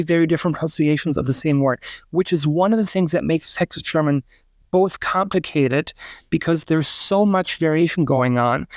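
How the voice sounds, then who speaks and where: A middle-aged man, a linguistics professor and podcast guest, explaining at length with many uh and um pauses and sounding out example words. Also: on the high side, no echo. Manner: lecturing, demonstrates pronunciations aloud, frequent uh and um.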